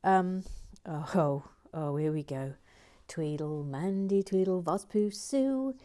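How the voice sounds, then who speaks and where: Woman, lowish voice, playful chatter, casual building stream, quick laughs. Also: warm tone. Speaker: host building and reading comments. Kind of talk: casual chat while building.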